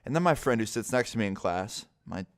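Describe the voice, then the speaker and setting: A man's voice: on the low side, a little fast, smooth. Laid-back young man telling a story. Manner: relaxed, swears a lot, animated when quoting people. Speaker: vlogger telling stories. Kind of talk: casual storytelling.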